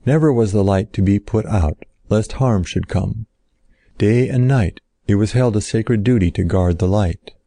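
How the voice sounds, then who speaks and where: A man reading an old-fashioned story aloud in a slow, solemn narrating style. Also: fairly low pitch, creaky, mellow, dry recording.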